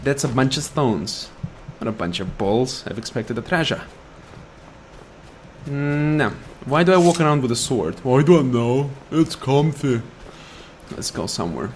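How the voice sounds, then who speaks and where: Man, gameplay commentary, sarcastic rants, mid pitch, faint background hum. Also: lively intonation, unhurried, a little mellow. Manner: ranting, sarcastic, taunts enemies. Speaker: gaming YouTuber.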